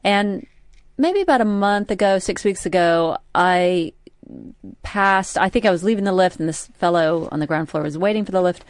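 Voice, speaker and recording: A woman's voice: on the low side, moderate pace, no echo, studio quality. A middle-aged woman, co-hosting a radio show in casual chat, telling a rambling story with many restarts. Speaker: radio co-host. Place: radio studio.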